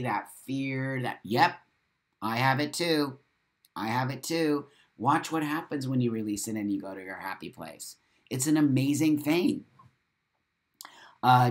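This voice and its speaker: A man hosting a live stream show, reading out viewer comments and talking in an emphatic way, repeating phrases for stress. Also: medium pitch. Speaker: host of a live talk show.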